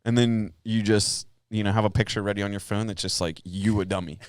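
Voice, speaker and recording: Podcast co-host guy with a lowish voice, dry sound, acts out little scenes as he jokes. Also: fairly even intonation, fairly quick, no echo. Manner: joking storyteller, acts out both sides of exchanges. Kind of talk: casual chat.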